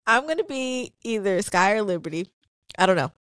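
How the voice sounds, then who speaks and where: Lively, chatty mom co-host. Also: female voice, medium pitch, a little fast, no room sound. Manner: chatty, laughs while telling stories. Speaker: podcast co-host. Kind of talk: casual chat.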